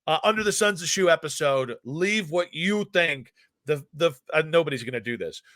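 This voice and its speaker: Bright-voiced animated male podcast host. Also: normal speed, no room sound, clean studio sound. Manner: animated storyteller, swings loud and high when excited. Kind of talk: casual chat.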